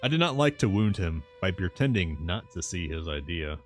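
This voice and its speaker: A man's voice: low-pitched, very animated, normal speed. A man streaming a novel reading from a home setup, narrating and breaking off into wry, amused asides. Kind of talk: audiobook narration with joking asides. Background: faint background music.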